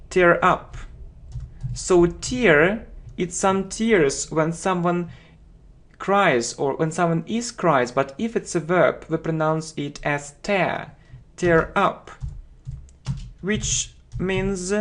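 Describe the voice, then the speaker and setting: A man teaching English vocabulary, who says each phrase and then repeats it slowly and deliberately. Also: fairly high pitch. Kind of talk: vocabulary lesson.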